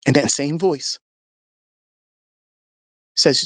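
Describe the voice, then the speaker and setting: A man's voice: mid-range voice, moderate pace, long pauses, fairly bright tone, dry recording. A man telling an emotional personal testimony in an earnest storytelling way, acting out the dialogue. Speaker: speaker sharing a testimony.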